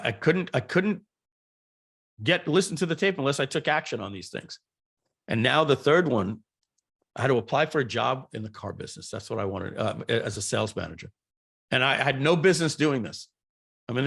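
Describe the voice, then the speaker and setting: A middle-aged man, a guest on a podcast, telling stories in an animated, rambling way and often repeating words. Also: mid-range voice, vocal fry, slightly rough. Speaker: guest entrepreneur. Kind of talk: podcast interview storytelling.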